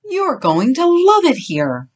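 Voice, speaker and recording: Soothing, motherly mother pig in a storybook , voiced by a woman, raised voice, slow and lilting. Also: high-pitched, wildly swooping pitch, pitched above the performer's own voice, exaggerated voice. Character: caring mother pig, soft and reassuring.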